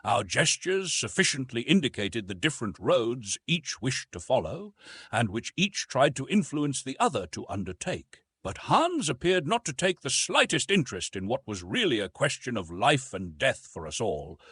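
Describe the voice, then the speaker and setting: A man narrating a classic novel as an audiobook, with expressive, measured storytelling. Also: mid-range voice, breathy edge, no room sound, studio quality.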